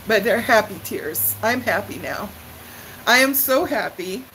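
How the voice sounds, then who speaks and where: A woman's voice: mid-range voice, animated, unhurried, pushed and bright, a little hiss or hum, poor audio. An older woman chatting live with her viewers, emotional and tearful as she gushes her thanks. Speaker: livestream vlogger. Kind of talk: casual live chat with viewers.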